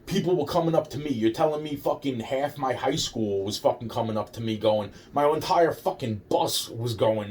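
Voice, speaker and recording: A man's voice: medium pitch, moderate pace, few pauses, darkish tone. A man rambling through a personal story in a vlog, swearing heavily, repeating himself and acting out quoted dialogue. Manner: rambling, profane, many restarts and quoted dialogue. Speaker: vlogger telling a personal story.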